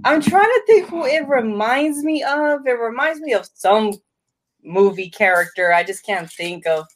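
A woman's voice: fairly high pitch, lively intonation, normal speed, slight background noise. A woman guest in casual podcast chat, who laughs often between her remarks.

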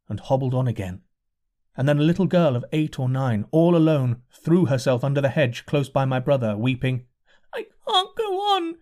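A man reading a novel aloud as an audiobook narrator in a measured, deliberate way. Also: mid-range voice, warm tone. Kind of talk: scripted narration.

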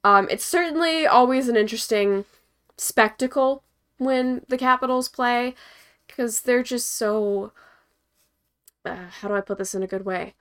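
A young woman hosts a hockey post-game show, rambling casually with plenty of fillers and chuckles between points. Her voice is fairly high, a little slow, a bit bright, and smooth.

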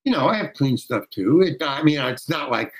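An older man from the United States, a comedian telling a rambling, halting anecdote as an interview guest. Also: on the high side, lively intonation, slightly rough, low-quality recording. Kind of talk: conversational storytelling.

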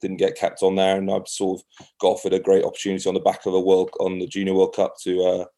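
A man's voice: deep voice, completely flat delivery, fast talker, mellow. A man with an English accent, a guest rugby player chatting casually in a podcast interview, laid-back and modest. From England.

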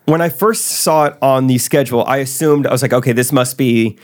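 Male podcast co-host, relaxed storyteller, mid-pitched, casual. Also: fairly quick. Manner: storytelling, relaxed, laughs easily.

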